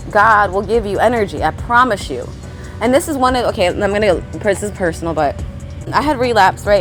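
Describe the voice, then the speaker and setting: A woman vlogging outdoors in a scattered, casual monologue, swearing and laughing as she goes. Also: mid-range voice. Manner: scattered, swearing, laughs often, talks to birds around her. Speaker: spiritual vlogger. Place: outdoors among birds.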